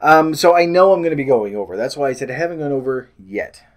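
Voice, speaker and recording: A man's voice: a little high, expressive, quick pace. A man from Canada, chatting in a rambling, self-deprecating way on a weight loss vlog and often losing his train of thought.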